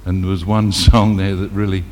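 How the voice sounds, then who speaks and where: A singer and stage entertainer chats and tells a story between songs at a concert venue, mixing in jokes and song snippets. His voice is low-pitched, a little mellow and flat, at a moderate pace, with slight background noise. The live hall has long reverb.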